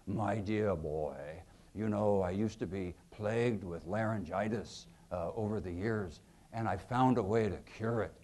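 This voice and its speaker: A man doing a deep, sonorous old senator. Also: darkish tone. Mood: grand. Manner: grand, slow and sonorous. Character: elderly male senator, deep mellifluous slow drawl. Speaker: impression of a politician in an anecdote.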